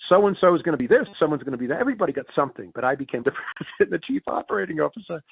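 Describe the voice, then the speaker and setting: A man with a Yankee accent tells business stories in an interview, his gravelly, slightly husky voice leaping around in pitch as he plays out each quoted exchange. He trips over his words and restarts often. The sound is thin and phone-like, with no room around it. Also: very fast, dry recording. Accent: Northern US Yankee. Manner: animated, acts out quoted dialogue with big pitch jumps; frequent restarts and repeated words. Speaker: interview guest. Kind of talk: storytelling in a conversational interview. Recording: tinny phone-like dry audio.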